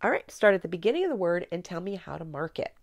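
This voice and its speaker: A middle-aged woman teaching a spelling method, explaining clearly and coaching a student step by step. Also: fairly low pitch, very animated, quick pace, no room sound. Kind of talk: instructional demonstration.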